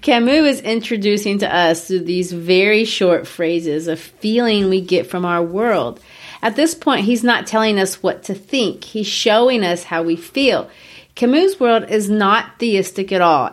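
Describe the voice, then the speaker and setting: Measured woman discussing literature. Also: medium pitch. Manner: measured, explanatory, occasionally playful. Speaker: podcast co-host.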